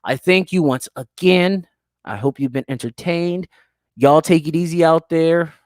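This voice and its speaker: A man's voice: fairly high pitch, measured pace, no room sound, studio quality. A man hosting a livestream talk show, ranting casually and profanely while answering viewer comments. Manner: profane, animated rant.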